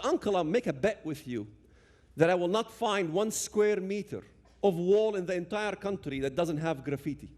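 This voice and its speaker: A man with a Palestinian Arabic accent giving an impassioned talk, addressing the audience directly and emphatically. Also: extremely high pitch. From Palestinian territories.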